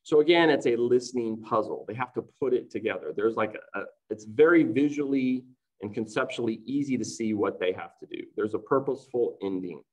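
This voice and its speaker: A man in the middle of an online conference talk for teachers, his voice pitched squarely in the middle. He explains things in a chatty, running way and keeps checking in with "right?". It sounds like a computer mic over a video call. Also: fairly quick, darkish tone, rough recording.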